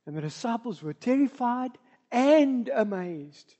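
A woman's voice: medium pitch, big pitch swings, measured pace. South African woman preaching with surging emphasis. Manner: swings between soft asides and loud emphatic passages. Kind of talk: sermon.

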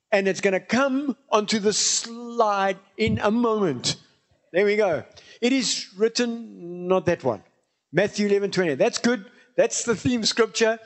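High-voiced preacher. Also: male voice, a little slow. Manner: emphatic, repeats phrases for stress. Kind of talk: sermon.

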